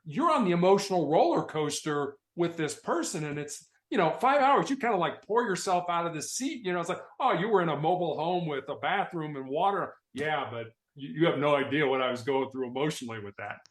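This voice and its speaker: A man's voice: a little high, roomy sound. A man who was a hostage negotiator, speaking earnestly as an interview guest, often restarting his words. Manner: earnest, repeats words as he thinks. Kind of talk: conversational interview.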